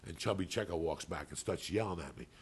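A man's voice: sits low, animated, fast, slightly rough. A man co-hosting a podcast, telling a long story in a casual, profane, rambling way. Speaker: podcast co-host.

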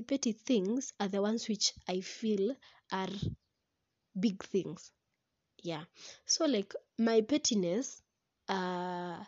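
A young woman, talking casually to camera about relationships in a chatty, animated way. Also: mid-range voice, no room sound, dull audio. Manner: chatty and animated, breaks into laughter, slips into Swahili. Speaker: vlogger.

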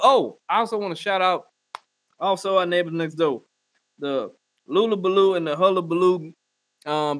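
A man delivering a loud, profane comedic rant and often slipping into mock voices. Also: fairly high pitch, dry recording. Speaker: comedy podcast host. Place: Northwest Arkansas.

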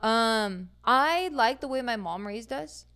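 A woman's voice: fairly high pitch, expressive, slow pace, pushed and bright, clear, resonant tone. A woman co-hosting a casual podcast, teasing her partner and asking him questions. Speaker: podcast co-host. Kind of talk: casual chat.

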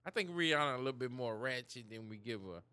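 A man's voice: medium pitch, animated, quick pace, bright, forceful tone, clear, resonant tone. A man co-hosting a podcast, chatting casually in loose, profane banter and laughing often. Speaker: podcast co-host. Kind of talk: casual chat.

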